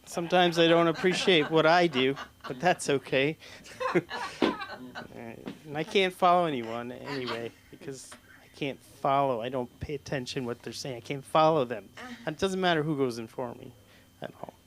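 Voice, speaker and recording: Gravelly self-deprecating stand-up man. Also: mid-range voice, moderate pace, fairly bright tone. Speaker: stand-up comic. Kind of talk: open mic stand-up. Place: small comedy club stage.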